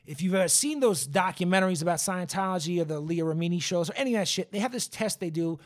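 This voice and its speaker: Profane animated man telling a story. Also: high voice. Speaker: podcast host. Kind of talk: casual storytelling.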